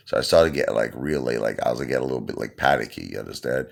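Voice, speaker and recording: Very deep gravelly man telling a story. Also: fast, hardly any pauses. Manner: rambling, animated, repeats himself, laughs at his own story. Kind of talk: casual comedic storytelling.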